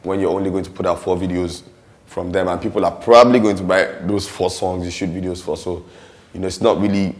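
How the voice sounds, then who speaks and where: A man's voice: deep voice, fast talker. A Nigerian man with a Nigerian accent, talking casually in an interview, with many fillers and some Yoruba phrases. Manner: relaxed, many "you know" fillers, mixes in Yoruba. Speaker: musician and actor interviewee.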